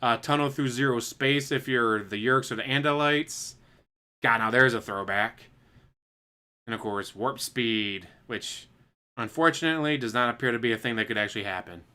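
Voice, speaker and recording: Man, bright mid voice, casual speculative rambling, relaxed chat. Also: medium pitch, moderate pace, clean tone. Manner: speculative, musing, chuckling asides.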